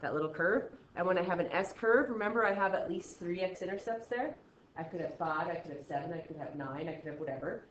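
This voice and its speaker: A woman's voice: lowish voice, a little fast, slight background noise. A woman teacher explaining math in a chatty way, often checking in with "okay?" and acting out student reactions. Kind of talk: recorded classroom math lesson. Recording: slightly dull, roomy recording.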